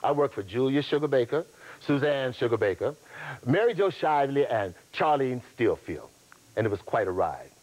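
A man's voice: mid-range voice, animated, moderate pace, darkish tone, low-quality recording. A man hosting a reunion special, presenting in a polished, playful way. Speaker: host.

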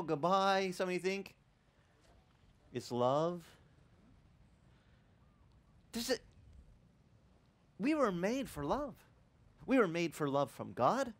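Male pastor with a voice pitched a bit high, storytelling sermon style, halting and lively. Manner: animated storytelling, acting out quoted voices; halting, with frequent restarts.

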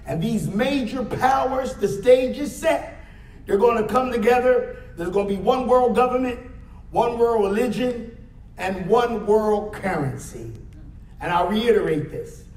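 Male pastor, high voice, slow deliberate sermon delivery, punctuated with call-outs; captured from a distance in a reverberant church hall. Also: a little mellow. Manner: preaching with frequent "Amen?" call-outs, emphatic rises. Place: church sanctuary.

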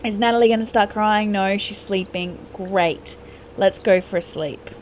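A young woman gaming YouTuber chats casually while playing a life-simulation game, playfully scolding her characters. Her voice is medium-pitched and measured in pace, with a little hiss or hum in the background.

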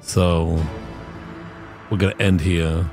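A man's voice: sits low, little pitch movement, slow pace, music in the background. A man streaming a game, rambling casually with lots of filler words as he picks his moves. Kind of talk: casual gameplay commentary.

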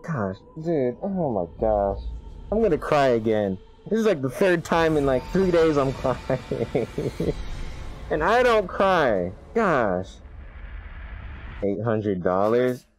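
A man's voice: mid-range voice, takes it slowly, rough recording. Hyped guy reacting to a game reveal on stream, voice jumping all over, faint music behind. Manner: excitable, chatty, laughs often. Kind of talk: live reaction commentary.

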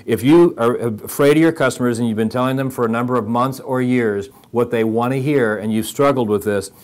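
A man's voice: mid-range voice, brisk, a little mellow. A man hosting a motivational podcast for service advisors, talking in a direct, emphatic way and repeating phrases for emphasis.

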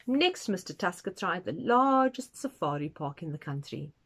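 A woman reading a children's picture book aloud, expressive and adding asides for young listeners. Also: lowish voice, moderate pace, breathy edge. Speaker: storytime reader.

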